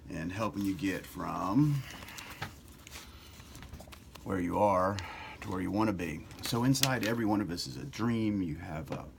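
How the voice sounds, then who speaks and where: A middle-aged man hosting a casual self-help talk, loose and conversational, who swears now and then and grows louder and more animated as he goes. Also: sits low, gravelly, a little hiss or hum. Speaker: self-help author and video host. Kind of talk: casual motivational talk to camera.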